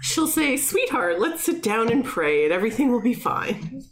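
A woman's voice: a little high, sing-song, moderate pace, a crowd in the background. A woman reading an article aloud to friends, breaking off for laughing asides. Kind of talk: reading aloud, casual chat.

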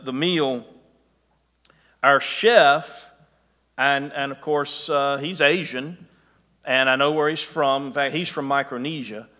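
A man's voice: mid-range voice, sharp tone, big-room sound. A man preaching a sermon in a conversational way, with chuckling asides and frequent restarts. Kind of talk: sermon with anecdotes.

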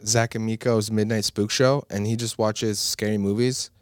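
A man's voice: fairly low pitch, level tone, normal speed, no room sound, studio quality. A man co-hosting a podcast in casual chat, slangy and profane, telling stories in a laid-back way. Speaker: podcast co-host.

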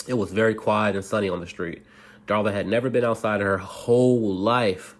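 Low, husky man casually reading a bedtime story. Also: steady tone. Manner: halting, restarts often, laughs at himself.

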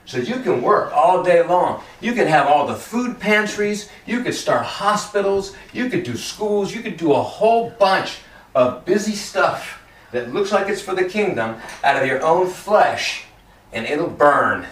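A man preaching in a lively, swooping voice that sits a little high for a man. He talks to the room like a friend, tossing in jokes and acting out quick dialogues. The sound is roomy and picked up from a few steps back. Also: recorded from a distance. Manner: animated and conversational, joking, acting out quotes. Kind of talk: sermon.

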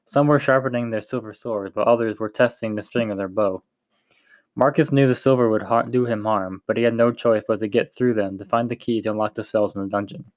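A man's voice: fairly low pitch, fairly even intonation, fairly quick, no echo, dull audio. A man reading a story aloud in a plain way, with frequent slips and restarts. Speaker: narrator.

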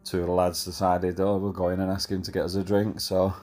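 A man's voice: low voice, little pitch movement, a little fast, darkish tone, faint music behind. A man, telling a chatty, laddish story in a voice message, full of fillers. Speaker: caller sending a voice message.

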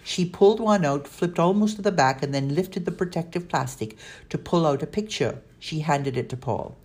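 A woman narrating a children's audiobook in a steady storytelling manner. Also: low-pitched, normal speed.

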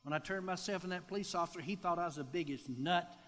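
A man, a pastor giving a sermon testimony, telling his story in an animated way and acting out the voices he quotes. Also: sits high, fast. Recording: long hall reverb.

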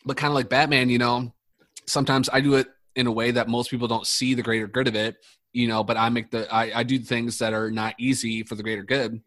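A man's voice: medium pitch, flat delivery, brisk, fairly bright tone, no room sound. A young man from the United States, a podcast guest, telling a long story in casual chat, swearing freely and full of fillers and restarts.

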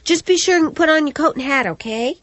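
A gentle soothing mother. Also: sits high, animated, fairly quick, no room sound. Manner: soft, soothing, reassuring. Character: gentle young mother soothing her son. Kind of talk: radio drama.

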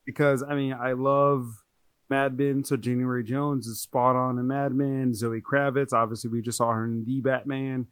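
A man's voice: mid-range voice, little pitch movement, normal speed, clean tone, dry recording. Male podcast co-host, casual and rambling, dry close sound. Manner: chatty, rambling, self-correcting. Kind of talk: casual movie-review chat.

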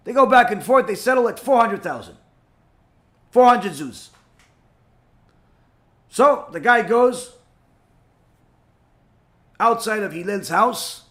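A man teaching through a story, narrating with animated energy and acting out the voices of the people in it. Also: high-pitched, moderate pace, pauses often. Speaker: Torah teacher. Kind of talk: storytelling lesson.

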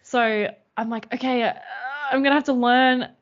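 A woman's voice: on the high side, steady tone, moderate pace. A woman co-hosting a podcast, chatting casually and retelling stories with lots of fillers. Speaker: podcast co-host. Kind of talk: casual chat. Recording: slightly dull lo-fi sound.

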